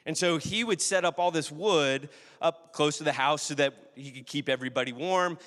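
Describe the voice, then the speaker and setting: Pastor, male, a bit high-pitched, chatty storytelling sermon, long reverb of a big hall. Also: moderate pace, fairly bright tone. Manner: conversational storytelling, asks the audience questions.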